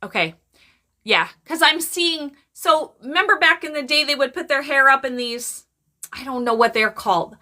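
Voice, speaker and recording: Woman, high-pitched, bright, psychic medium, live stream chat, animated, casual. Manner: chatty and animated, laughs often, quick asides to chat.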